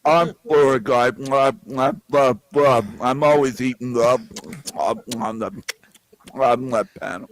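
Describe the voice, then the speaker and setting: A man's voice: medium pitch, steady tone, a little slow, a little hiss or hum, lightly acted. A man putting on the voice of a panelist talking through a mouthful of food, muffled and stammering. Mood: apologetic.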